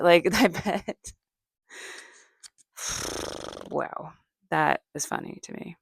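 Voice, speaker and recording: A woman's voice: on the low side, very slow, vocal fry, pauses often, slightly rough, dry recording, studio quality. A middle-aged woman, a comedian, rambling through a casual solo chat with lots of fillers and asides. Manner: meandering, chatty, many fillers and asides. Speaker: comedian and podcast host.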